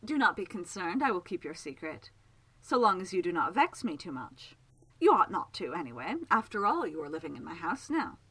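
A woman voicing a graceful female ghost who talks in a gently teasing, amused way. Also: on the low side, very animated, a little fast, husky, exaggerated voice, low-quality recording. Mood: reassuring.

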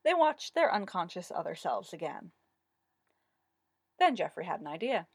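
A woman narrating a story aloud in an expressive, lively way. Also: fairly low pitch, normal speed, husky, no room sound, studio quality. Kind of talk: storybook reading.

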